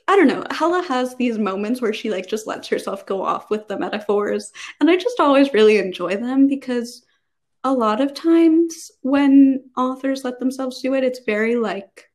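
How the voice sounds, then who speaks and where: A talkative young woman with a fairly high voice, co-hosting a relaxed podcast. She rambles a little, stacking fillers as she works through her thoughts. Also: moderate pace. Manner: chatty, many fillers, reads passages aloud. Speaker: podcast co-host. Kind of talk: casual podcast chat.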